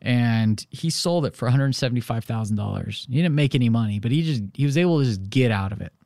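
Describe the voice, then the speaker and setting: A man's voice: medium pitch, fast, gravelly, no echo. Chatty male podcast host, dry sound. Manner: animated storytelling, many "you know" fillers. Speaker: real estate podcast host. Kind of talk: casual solo podcast monologue.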